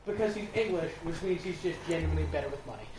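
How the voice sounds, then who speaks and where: A man's voice: fairly high pitch, fast, a crowd in the background. A man chatting casually over a game, telling stories with lots of laughter. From none, lived all over. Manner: animated storyteller, laughs often. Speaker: co-host of a gaming playthrough. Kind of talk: casual chat over gameplay. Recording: echoey room with background noise.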